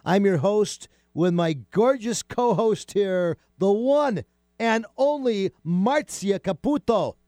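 A man hosting a casual radio talk show, chatty and animated, with many fillers and restarts. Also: sits high, slow pace, no echo, clean studio sound.

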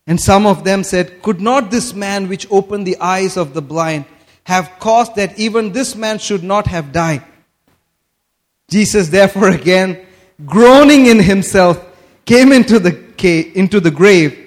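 A man preaching a sermon, reading scripture aloud and explaining it, building to emphatic phrases and making quick asides as he checks his notes. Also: sits high. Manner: slow, rising to emphatic bursts on key phrases; asides while looking up words in his notes.

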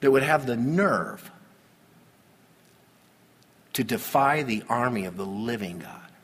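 A man's voice: medium pitch, animated, takes it slowly, slightly rough, long reverb tail. A man voicing a bold, zealous young shepherd in a sermon, scornful and incredulous. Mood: indignant.

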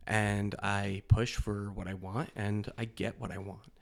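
Man, podcast guest, lowish voice; blunt, profane, laughs a lot. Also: flat delivery, unhurried, creaky. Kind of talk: candid podcast conversation.

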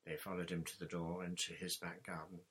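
A man reading a storybook chapter aloud as narrator in a steady, even manner. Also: low-pitched, a little fast, husky. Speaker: audiobook reader.

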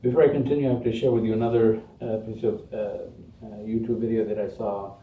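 A man delivers a Friday sermon in a mosque prayer hall, speaking earnestly in rhythmic lists that build with rising emphasis. His lowish, mellow voice moves fast with little pitch movement. The recording is from a distant, muffled mic in an echoey hall, with a little hiss or hum.

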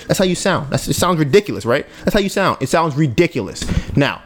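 A man's voice: fairly high pitch, expressive, fast, hardly any pauses. A man hosting a podcast in casual chat, ranting and sarcastic, often repeating himself. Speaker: podcast host.

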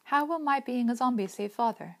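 Woman reading as a panicky teen girl, pleading hard, pitched up, storybook voice. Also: a little fast, natural voice. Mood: frantic pleading. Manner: pleading, urgent. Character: desperate frantic teenage girl.

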